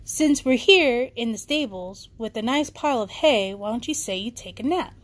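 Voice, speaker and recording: A woman's voice: on the high side, animated, moderate pace. A woman voicing a playful, roguish young man in a bedtime storybook reading, speaking in a breezy, coaxing way.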